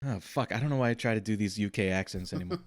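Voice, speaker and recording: A man's voice: lowish voice, very fast. A man co-hosting a casual podcast chat, swearing freely and dropping dry, sarcastic asides. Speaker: podcast co-host.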